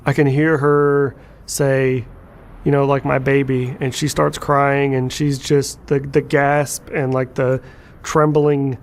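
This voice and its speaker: A young man telling a painful personal story in a halting, candid way, with repeated words, fillers and swearing. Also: mid-range voice, flat delivery. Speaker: storyteller sharing a personal account. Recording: clear background engine noise.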